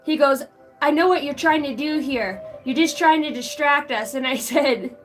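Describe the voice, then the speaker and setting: A woman's voice: high-pitched, normal speed, soft background music. A woman with an American country accent hosting a casual psychic live stream, chatty and profane, greeting viewers in the chat by name.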